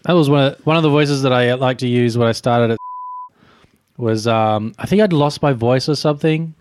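A man's voice: medium pitch, moderate pace, a little mellow, no echo. A young man co-hosting a podcast in casual chat, hesitant and self-deprecating. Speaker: podcast co-host.

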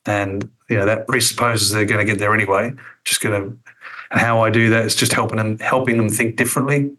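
Middle-aged man, low register, thoughtful interview guest who hesitates often. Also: fairly even intonation, brisk, bright, forceful tone, rough recording. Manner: reflective, frequent ums and restarts. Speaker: interview guest, former radio executive. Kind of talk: conversational interview.

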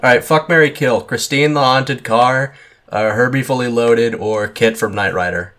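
A man's voice: medium pitch, normal speed, fairly bright tone. A man co-hosting a podcast, laid-back and giggly in casual comedic banter. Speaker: podcast co-host.

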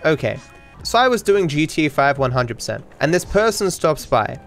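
A man's voice: on the high side, very animated, moderate pace, a bit bright. A man with a slightly raised voice talks casually as a podcast host. He rambles, stumbles over his words and starts sentences again. He swears loosely, and faint music plays behind him. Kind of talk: casual storytelling monologue.

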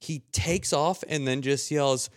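A man in his thirties, a podcast co-host, telling rambling stories in casual chat, swearing often and jumping up in pitch when he quotes someone. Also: measured pace, no room sound, studio quality.

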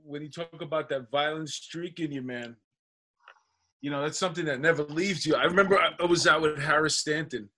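A man's voice: on the high side, fairly quick, sharp tone. A man, an actor guest on a podcast, telling rambling, profane anecdotes in casual chat.

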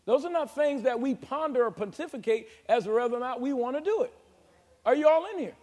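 A male pastor preaching a sermon in a church, calling on the congregation to answer back and slowly drawing out scripture verses. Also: very high voice, animated, a little mellow. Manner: emphatic call-and-response preaching, drawn-out scripture reading. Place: church sanctuary. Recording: long hall reverb of a church.

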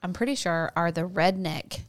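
A woman's voice: lowish voice, normal speed. A woman co-hosting a podcast, teasing and laughing often in casual banter. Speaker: podcast co-host.

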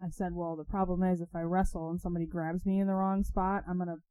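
A woman talks casually on a podcast, blunt and quick to laugh. Her voice is mellow and rather dark, and it is recorded dry and close. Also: on the low side, little pitch movement, clean tone, dry recording, poor audio. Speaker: podcast guest. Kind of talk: casual chat.

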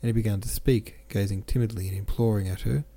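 A man narrating a classic novel as a podcast host, reading in a measured way with small self-corrections. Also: lowish voice, steady tone, warm tone. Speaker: podcast host and audiobook reader.

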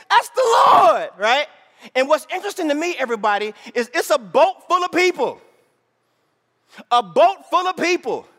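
A male pastor preaches in a very high, bright voice, pulling the congregation in with repeated "right?" calls. He swings between shouted lines and quieter asides. Long reverb from a large hall trails every phrase. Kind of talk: sermon.

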